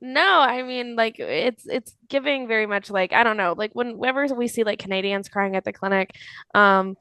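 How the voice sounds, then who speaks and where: A young woman from Florida, a podcast guest in casual political chat, animated, swearing freely and laughing often. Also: on the high side, normal speed, clear, resonant tone, no room sound.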